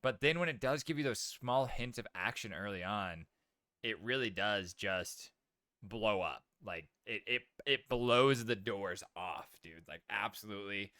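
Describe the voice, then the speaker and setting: A man with a lowish, smooth and bright voice talks on a podcast. He is laid-back and slangy, and his talk is full of "bro" and "man". The sound is dry and close. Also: a little slow, dry recording. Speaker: podcast co-host. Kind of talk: casual chat.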